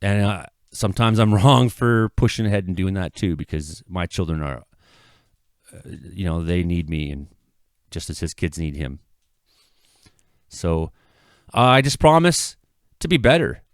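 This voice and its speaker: A middle-aged man from Canada, a local weather vlogger, giving an earnest, halting apology that swells into impassioned outbursts. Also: low-pitched, no room sound, clean studio sound. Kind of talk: emotional apology monologue. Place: his home.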